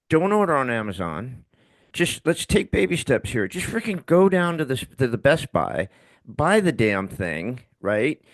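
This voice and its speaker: A man's voice: mid-range voice, dry recording. An older man hosting a podcast, chatting casually and acting out little scenes with the odd swear word. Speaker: podcast host.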